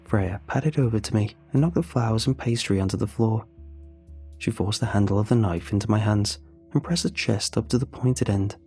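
A man tells a first-person horror tale in a measured, scripted delivery. His voice is dark and husky, and faint music runs underneath. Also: on the low side. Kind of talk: scripted horror story narration.

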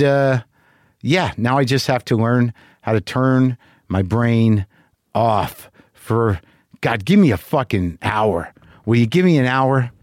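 A man's voice: mid-range voice, a little mellow, no echo, studio quality. A man hosting a show, telling a long rambling story full of swearing and self-deprecation. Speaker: podcast host. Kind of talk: monologue.

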